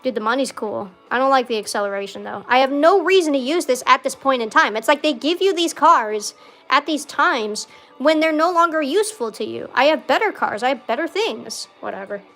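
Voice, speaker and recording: A woman's voice: high voice, lively intonation, brisk, soft background music. Chatty young woman streamer, swears freely. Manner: chatty, rambling, swears freely, many likes; loud outbursts at game mishaps. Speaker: gaming streamer. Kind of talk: casual gameplay commentary.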